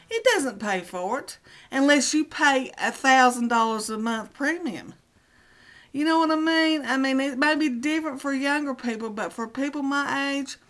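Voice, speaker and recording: A woman's voice: high-pitched, a bit bright. A middle-aged woman rants casually to her vlog camera, exasperated and rambling, repeating herself for emphasis. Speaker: vlogger.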